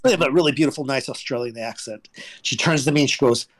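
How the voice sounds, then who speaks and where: A man telling stories as an interview guest about his work developing products, rambling and animated, restarting sentences and jumping in pitch when he quotes people. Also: fast. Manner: rambling and animated, with many restarts and big pitch jumps when quoting others. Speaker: guest, former toy developer. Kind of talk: casual interview storytelling.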